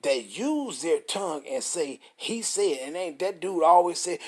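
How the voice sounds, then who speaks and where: A man reading scripture aloud and commenting on it, profane and combative, slowing down to stress the verses. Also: fairly high pitch, animated, slight background noise. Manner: profane and combative, reads verses slowly and forcefully.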